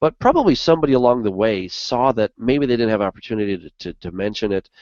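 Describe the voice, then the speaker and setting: A man's voice: lowish voice, big pitch swings, quick pace, a little mellow, dry recording. A man co-hosting a Bible study show in casual discussion, talking earnestly with lots of "you know" fillers. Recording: dull lo-fi dry recording.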